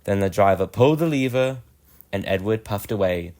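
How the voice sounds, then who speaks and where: Low-voiced man reading a children's story. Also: normal speed. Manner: gentle, expressive storytelling. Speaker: narrator.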